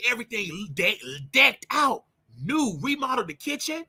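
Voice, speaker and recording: A man hosting his show, telling a personal story in an emotional, animated way and often repeating himself. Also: very high voice, normal speed, hardly any pauses, husky. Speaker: show host.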